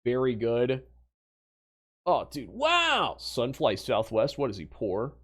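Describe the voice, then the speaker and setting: A young man streaming, chatting casually with his viewers and telling animated stories from a trip. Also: medium pitch, slow pace, husky. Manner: animated storytelling, talks to chat.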